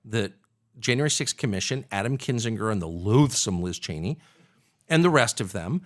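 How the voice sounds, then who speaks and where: A man's voice: on the high side, a bit bright. A man who is a political commentator, speaking as an interview guest with emphatic, indignant rhetorical questions. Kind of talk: candid conversational interview.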